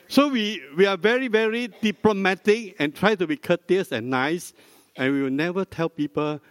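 An older man, a pastor, preaching a sermon in a slow, deliberate teaching manner, prompting the congregation with questions. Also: on the high side, animated. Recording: dry close mic with long hall reverb.

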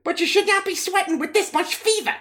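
A man voicing a stern young woman healer who gives brisk, worried orders. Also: very high-pitched, bright, forceful tone, pitched above the performer's own voice. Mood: urgent. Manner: brisk, commanding.

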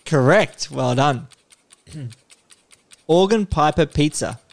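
A man's voice: fairly high pitch, animated, slow, creaky. A man hosting a podcast, quizzing his co-host in a playful, casual way and calling him mate. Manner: playful, swearing, uses "mate". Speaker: podcast host running a quiz. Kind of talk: casual chat.

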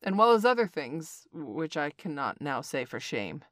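Proud male panther, brisk and commanding, fairly low, as a woman reads him; storybook narration. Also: big pitch swings, a bit bright, no echo, studio quality, exaggerated voice. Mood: scornful.

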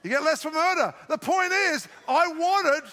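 An older Australian man preaching to his congregation, his voice high and forceful. He slips playful, self-deprecating jokes in between scripture points, and a long hall reverb trails each line. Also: animated, a little slow, a little hiss or hum. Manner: joking, self-mocking asides. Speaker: pastor. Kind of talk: sermon. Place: large church auditorium.

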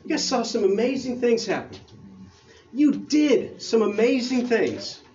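A man with a high voice preaches a casual, conversational sermon, getting excited, dropping slang and stumbling over his words as he reads scripture aloud. The sound is a bit dull, with faint room noise behind him. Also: unhurried.

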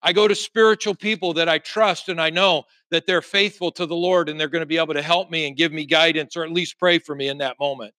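A man's voice: fairly high pitch, fairly even intonation, quick pace, few pauses, bright, forceful tone, no room sound. A male pastor preaching a sermon, reading scripture aloud and building emphasis through repeated refrains.

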